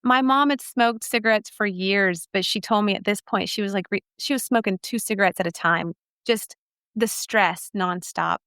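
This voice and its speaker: A woman's voice: medium pitch, moderate pace, fairly bright tone, smooth, no echo, studio quality. A woman from Texas, a podcast guest telling her life story in an earnest, emphatic way. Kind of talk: personal testimony storytelling.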